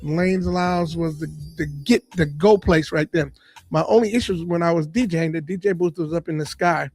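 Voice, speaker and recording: A man from Boston, a comedian and radio guest, telling lively stories in a casual interview. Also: on the high side, moderate pace, soft background music. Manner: animated storyteller, lively and full of punchlines.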